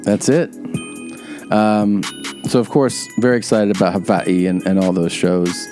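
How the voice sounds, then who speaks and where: A man's voice: fairly low pitch, measured pace, mellow, faint music behind. A man co-hosting a podcast, joking loosely as he rattles off tour dates and reads ads. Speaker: podcast co-host. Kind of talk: casual chat and ad read.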